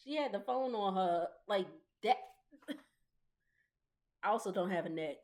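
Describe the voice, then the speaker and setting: A woman in her thirties gives a gossipy, casual recap of a reality TV episode. She talks in a loose, chatty way, laughs often and slips into quick imitations of the cast. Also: medium pitch, lively intonation. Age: 30s. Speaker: recap vlogger.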